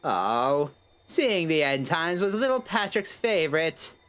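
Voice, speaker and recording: A man's voice: a little high, sing-song, takes it slowly, a bit bright, smooth, heavily acted. Man doing a doomsaying granny, over 70, sweet but sinister, lilting. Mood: creepy. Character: eerie doomsaying old granny.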